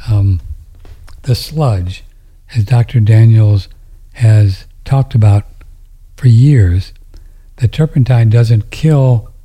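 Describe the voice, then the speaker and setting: A man's voice: medium pitch, warm tone, slightly rough. A man hosting a show and answering viewer questions in a rambling, casual monologue, often trailing off into near-whispers. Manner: rambling, with frequent restarts and drops into near-whispers.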